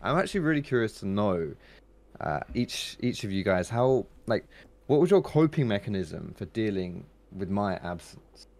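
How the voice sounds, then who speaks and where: A man's voice: lowish voice, very animated, normal speed, darkish tone. A man hosting a talk show, chatting casually and teasing his guests. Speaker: podcast host. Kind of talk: casual chat.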